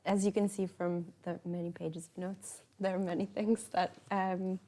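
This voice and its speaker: A woman's voice: fairly low pitch, level tone, normal speed, dark tone. A woman hosting a conversation with an author at a bookshop event, chatting casually with fillers. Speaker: event interviewer. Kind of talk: conversational interview.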